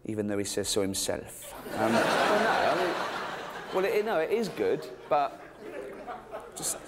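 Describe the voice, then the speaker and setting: An English man doing a stand-up comedy routine, mock-earnest and halting with ums, then breaking into giddy excitement. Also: a little high, a loud crowd, heavy background noise. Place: live comedy stage.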